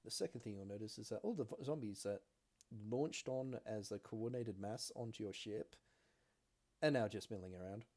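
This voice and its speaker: A man with a fairly low voice runs a tabletop game as game master. He narrates the scene in steady descriptive sentences, pausing on fillers as he checks the rules.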